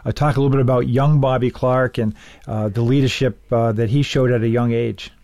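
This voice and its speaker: A man's voice: medium pitch, steady tone, brisk, darkish tone, no room sound. A man in a mid-range voice hosting an interview, dropping short agreements and then winding into a long, meandering question. The sound is dry and close, with no room around it. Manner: brief affirmations and long wandering questions. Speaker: podcast host.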